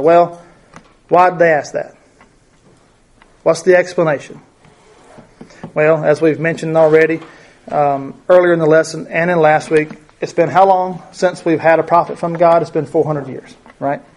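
A man's voice: fairly high pitch, steady tone, moderate pace, long pauses, darkish tone. A man teaching a Bible study lesson, reading verses aloud and explaining them in a conversational way, with many fillers and rhetorical questions.

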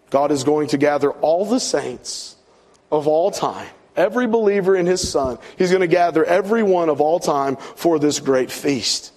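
A middle-aged pastor delivers a sermon, his voice sitting a touch higher than most men's. He builds his points with rising repetition, then lets his voice fall soft and low for the key lines. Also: lively intonation, normal speed. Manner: preaching with swelling emphasis and soft drops.

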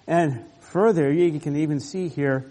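A male pastor preaches a sermon and explains a passage with earnest, emphatic stresses. His voice sits a little high for a man. It echoes with a long reverb, as if in a church sanctuary. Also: unhurried, mellow.

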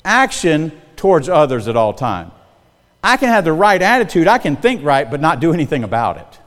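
On the high side and sing-song, with a fairly bright tone at normal speed, a middle-aged pastor preaches folksily and conversationally. He frequently checks in with his congregation, heard through long hall reverb.

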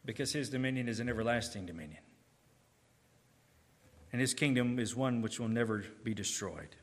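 A man preaching a sermon, emphatic, swinging between booming declarations and hushed, slow asides.

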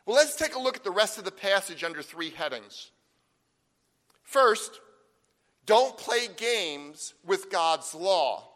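A man preaching a sermon, emphatic, with slow stressed phrases and rhetorical questions. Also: sits high, animated, fairly bright tone. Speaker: pastor. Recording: long hall reverb.

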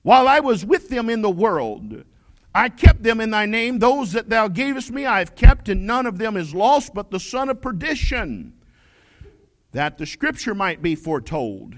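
High, lively preacher, man. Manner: preaching with rising shouted emphasis and slow scripture reading. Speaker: pastor. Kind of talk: sermon.

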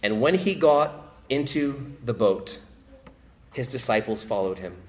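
A man's voice: mid-range voice, animated, a little slow. A man preaching a sermon, repeating key phrases and rising sharply when he quotes pleas. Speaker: pastor.

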